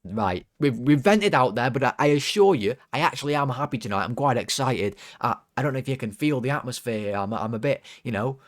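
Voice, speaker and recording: Young man, fan channel host, sarcastic rant, mid-pitched voice, dry close sound. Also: lively intonation, brisk, few pauses, no echo. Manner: exasperated, sarcastic, rambling with restarts. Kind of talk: ranting football video commentary.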